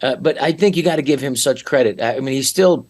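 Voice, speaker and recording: A man talking as a podcast guest in a rambling, animated way, with frequent restarts. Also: mid-range voice, fast talker. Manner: animated, rambling, slips into mock accents. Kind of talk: casual podcast chat.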